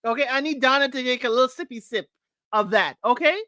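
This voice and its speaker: A woman hosting a live reality-show recap, sassy and animated, laughing often and mimicking the cast. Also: high-pitched, quick pace, no room sound. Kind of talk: live recap chat to viewers.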